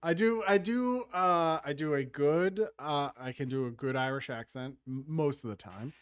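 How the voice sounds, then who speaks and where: A man's voice: on the high side, moderate pace, smooth, no echo, studio quality. Rambling, jokey podcast co-host man. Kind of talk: casual chat.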